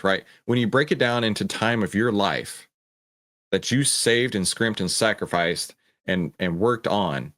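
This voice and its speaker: A man's voice: sits low, a bit bright. A man hosting a stock market commentary show, reacting to a clip and explaining a chart, emphatic and checking in with "right?" and "okay?". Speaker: host.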